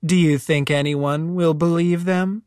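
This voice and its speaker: A cheerful teacher lady speaks sweetly and calmly, as a man reading a storybook puts her on. Her lines come slowly, with a close, dry sound. She is friendly and unflustered. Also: on the high side, dry recording, close to an everyday voice. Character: cheerful woman teacher, monster's wife.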